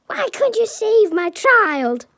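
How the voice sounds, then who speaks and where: A woman voicing a quick-tempered, protective mother in a homemade fan story, yelling shrilly when angry. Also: high voice, no echo, studio quality. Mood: furious.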